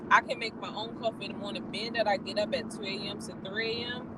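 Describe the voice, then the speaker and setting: A vlogger chatting casually while driving, bursting into excited exclamations. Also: medium pitch, fast talker. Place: car on the road. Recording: loud road noise from driving.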